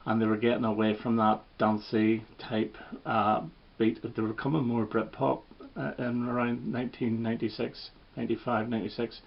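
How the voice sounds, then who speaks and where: A man casually ranking records, relaxed and hesitant, with plenty of fillers and restarts. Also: mid-range voice, moderate pace, gravelly, dull audio. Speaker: record collector vlogger.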